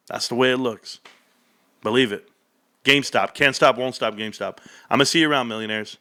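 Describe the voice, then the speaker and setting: A man giving excited solo commentary on a company's earnings, emphatic and repetitive, talking straight to his viewers. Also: medium pitch, brisk. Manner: hyped, emphatic, repeats phrases, addresses viewers as guys. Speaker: stock commentary youtuber.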